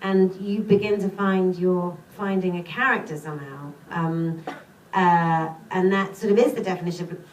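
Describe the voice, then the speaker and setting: Speaking at a moderate pace in a lowish, steady voice, a British actress chats self-deprecatingly while answering questions as a panel guest at a screening Q&A. The audience is in a cinema theater, and the echoey recording is far from the mic with faint hiss.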